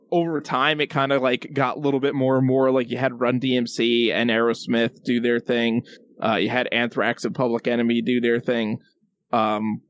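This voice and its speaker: A man's voice: mid-range voice, no room sound. Young guy cohost, casual, lots of 'like' and 'you know', dry close mic. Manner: loose, filler-heavy, relaxed explaining. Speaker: podcast co-host. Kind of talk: casual podcast chat.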